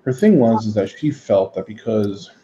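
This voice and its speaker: A man's voice: fairly low pitch, normal speed, muffled recording, background noise. Rambling man telling stories in an echoey room. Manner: rambling, animated, acts out quotes. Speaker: host of a modeling hangout. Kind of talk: casual storytelling chat. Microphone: headset.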